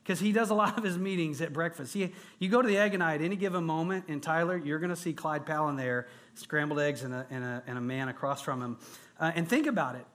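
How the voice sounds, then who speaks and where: A man's voice: fairly high pitch, fast talker, a bit bright. A man preaching a sermon to a gathering of men, earnest and emphatic, building points through repetition. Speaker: pastor.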